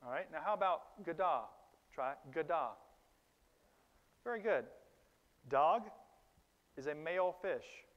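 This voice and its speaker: A man preaching a sermon in a conversational, animated way, with sudden loud emphases and quiet asides to the congregation. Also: a little high, measured pace, pauses often, highs cut off. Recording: long reverb of a large hall.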